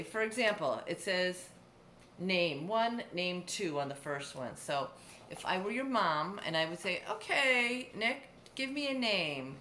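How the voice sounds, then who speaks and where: A woman's voice: on the low side, a bit bright. A middle-aged woman teacher giving a distance-learning lesson, patiently explaining step by step with examples. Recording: echoey room, faint background hum.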